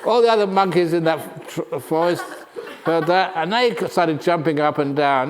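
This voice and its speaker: A Buddhist monk teacher gives a humorous Dharma talk, telling stories playfully and chuckling often. His voice is fairly high and moves at a moderate pace.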